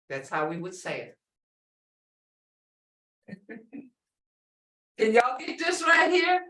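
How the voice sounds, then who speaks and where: Teacher, woman, middle-aged, twang, high and animated but slow, mic a bit far in a roomy hall. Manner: lively, drawn-out teaching with slow spelled-out phrases. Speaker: language teacher. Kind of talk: classroom language lesson. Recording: echoey room, voice a bit off-mic.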